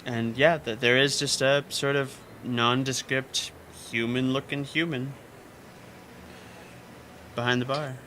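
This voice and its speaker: A man's voice: mid-range voice, fairly even intonation, slow pace, pauses often, pushed and bright, a little hiss or hum. A man narrating a tabletop game as game master, casual and rambling, often laughing.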